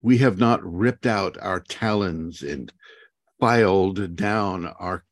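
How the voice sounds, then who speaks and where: A man's voice: deep voice, slow pace, no echo, studio quality. A man, a spiritual teacher, talking casually on a video call, rambling with frequent chuckles. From United States. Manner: rambling, chuckling often, animated asides.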